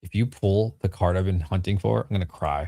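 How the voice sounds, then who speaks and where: A man's voice: sits low, brisk, creaky, dark tone, dry recording, clean studio sound. A man in his thirties chatting casually with a live-stream audience while selling and opening trading cards, in a slangy, joking way. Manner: laid-back slangy talk, frequent "bro" and laughter.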